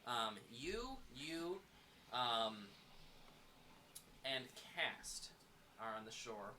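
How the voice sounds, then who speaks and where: A man leads a tabletop role-playing session as its game master, moving between loose banter and story narration. His voice is strikingly bright and keen, and he pauses often with ums as he sets the scene. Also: medium pitch, lively intonation, a little hiss or hum. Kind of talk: casual chat and game narration.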